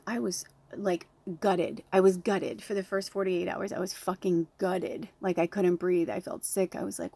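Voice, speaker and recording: Gravelly, breathy woman talking earnestly. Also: on the high side, darkish tone, dry recording. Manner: earnest, heartfelt, blunt with swearing. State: close to tears. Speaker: spiritual medium. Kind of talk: emotional direct-to-camera talk.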